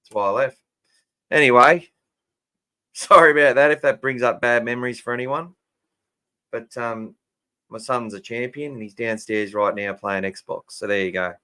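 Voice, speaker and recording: A man's voice: mid-range voice, normal speed, long pauses, bright, forceful tone, smooth. An Australian man hosting a casual fan podcast, chatting and answering listener comments. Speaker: podcast host.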